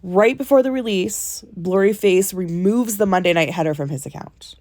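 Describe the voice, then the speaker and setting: A woman's voice: medium pitch, normal speed, a little mellow, no echo, studio quality. A woman with a stuffy nose from a cold, co-hosting a casual podcast and walking through a timeline step by step, checking in often with "okay?" and "right?", recorded on a phone in a ship cabin. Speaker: podcast co-host.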